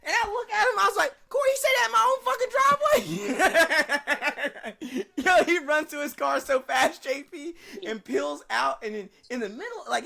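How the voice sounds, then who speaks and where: A man's voice: very high-pitched, creaky. A young man chatting casually on a podcast, laughing and swearing as he retells his side. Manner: laughing, swearing, lively interjections. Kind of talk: casual chat.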